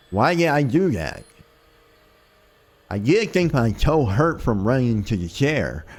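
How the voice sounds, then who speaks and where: A man's voice: mid-range voice, exaggerated voice. A man reading a bewildered young man. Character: troubled young male student, first-person narrator. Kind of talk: reading visual novel narration aloud.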